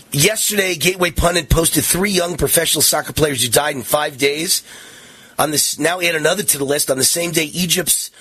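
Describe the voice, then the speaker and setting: A man's voice: fairly high pitch, fairly bright tone, slightly rough, no echo. A man in his sixties hosting a political talk radio show, combative and mocking, his voice rising into sing-song taunts. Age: 60s.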